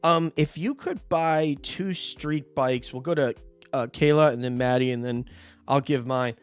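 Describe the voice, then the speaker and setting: A man with a smooth, clear voice hosts a casual chat, eager and a little rambling. His pitch sits in the middle for a man, and faint music plays behind him. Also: a little slow. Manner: enthusiastic, rambling, sets up questions. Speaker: podcast host.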